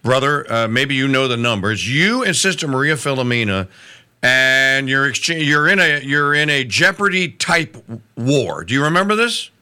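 A playful man hosting a relaxed conversation, who laughs easily. His pitch swings widely, and his voice is bright and sharp. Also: moderate pace, clean tone. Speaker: podcast host. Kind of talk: casual chat.

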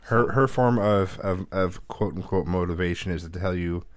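A man in casual chat, telling family stories with animated quoted voices and laughter. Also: sits low, moderate pace, no room sound, studio quality. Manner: animated storyteller who acts out quotes, laughs, swears.

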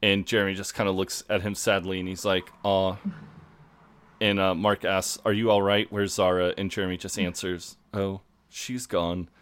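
Low-voiced man, podcast co-host. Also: flat delivery, fairly quick, few pauses, fairly bright tone. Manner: laughing, swearing storyteller who acts out quotes. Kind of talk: casual chat recapping a TV episode.

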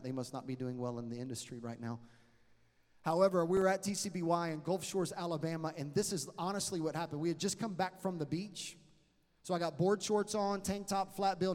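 A middle-aged preacher delivers a sermon in a slightly raised voice. He tells his stories with energy, then drops suddenly into a hush. His words ring out with the long reverb of a large hall. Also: on the high side.

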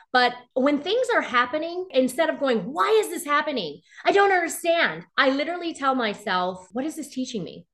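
Animated woman guest, laughs a lot. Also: on the high side. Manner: animated, laughs often, acts out quoted voices. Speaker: interview guest. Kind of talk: casual interview talk.

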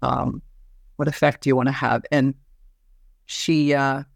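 A woman's voice: extremely low pitch, steady tone, unhurried, vocal fry, no echo. A woman physician and therapist speaks in a podcast conversation, talking through a patient case. She often trails off and restarts mid-sentence. Her voice is close and dry, with no room sound.

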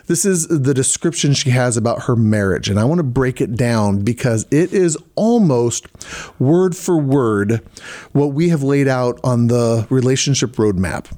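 A man co-hosting a marriage podcast with his wife, sick with covid and coughing, chatting in a relaxed, playful way. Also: mid-range voice. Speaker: podcast co-host. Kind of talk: casual chat.

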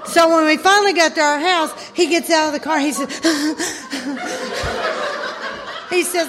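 A woman speaker at a recovery workshop, telling a long story with lively laughter. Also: high voice, takes it slowly, long pauses. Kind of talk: storytelling talk to a live audience. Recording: hall reverb, faint noise.

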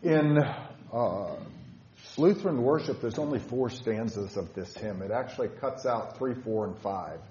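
A man's voice: on the low side, animated, a little slow, mellow. A male pastor with a Southern Illinois accent, giving a thoughtful catechetical sermon with many fillers. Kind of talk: catechetical sermon with hymn lining. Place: church sanctuary. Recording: echoey church, dull lo-fi sound.

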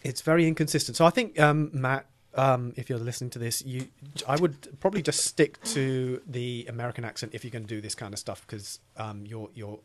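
A man's voice: mid-range voice, fairly quick, hardly any pauses. Man, movie podcast co-host, teasing, rambling, lots of ums. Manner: teasing, rambling with many fillers. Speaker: podcast co-host reviewing a film. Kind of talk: casual chat.

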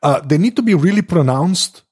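A non-native English-speaking man hosts a relaxed interview, stumbling over words and restarting often. His voice is husky and sits fairly high for a man. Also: normal speed. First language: not English. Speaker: podcast host. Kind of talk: casual interview talk.

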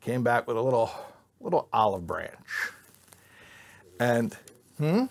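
A man's voice: mid-range voice, big pitch swings, takes it slowly, vocal fry. A man teaching an informal Bible class to a live group, joking and quizzing his listeners. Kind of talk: informal Torah class with audience.

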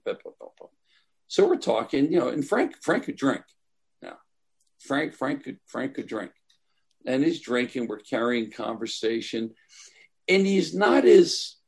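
A gravelly older man spins loose anecdotes as an interview guest. His voice is husky and rough-edged, at an ordinary pitch. He rambles from one story to the next, peppering it with "like" and "you know". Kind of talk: casual storytelling.

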